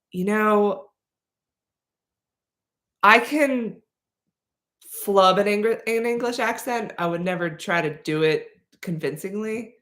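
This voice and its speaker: A woman's voice: fairly low pitch, a bit bright, echoey room. A woman hosting a casual livestream Q&A, rambling and playful with lots of fillers and restarts. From Slavic heritage. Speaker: livestream host answering questions.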